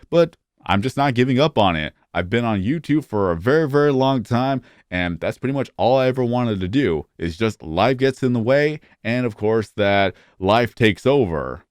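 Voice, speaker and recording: A man's voice: on the low side, clear, resonant tone, no echo, studio quality. A man in his thirties talking to his phone camera in a casual vlog, rambling and often restarting or stuttering. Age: 30s. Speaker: YouTuber.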